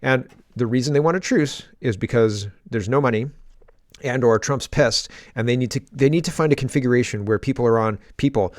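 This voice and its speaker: A man's voice: mid-range voice, fairly quick, no echo. Sarcastic male political commentator, dry sound. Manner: sarcastic, rambling, with frequent laughs.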